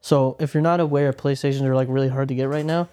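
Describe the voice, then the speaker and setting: A man's voice: mid-range voice, fairly even intonation, quick pace, warm tone, clean tone. A man with an ordinary mid-range voice chats casually on a podcast. He is laid-back and teasing, and laughs easily. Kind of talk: casual chat.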